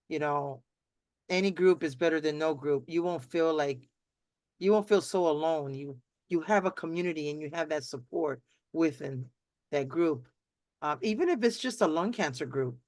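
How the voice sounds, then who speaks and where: A middle-aged woman hosting a live video chat, rambling warmly with many restarts and acted-out quotes. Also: sits low, moderate pace, no echo. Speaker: host. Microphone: video call.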